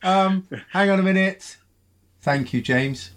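Male radio host with a Bristol accent, slightly high pitch, relaxed and chatty, reads listener messages. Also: slow pace, noisy background. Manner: relaxed, thinks aloud with many ums. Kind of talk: casual radio talk, reading listener messages.

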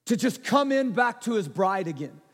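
A male pastor preaching a sermon, swinging from loud, emphatic declarations to quiet, intimate storytelling. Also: high-pitched, very animated, moderate pace. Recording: long hall reverb.

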